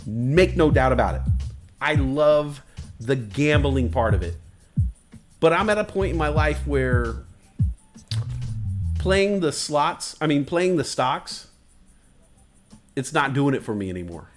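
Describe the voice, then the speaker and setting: High-voiced man rambling slowly on stream. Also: animated, music in the background. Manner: rambling and crude, drifting into silly asides. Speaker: livestream host. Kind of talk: casual stream chat.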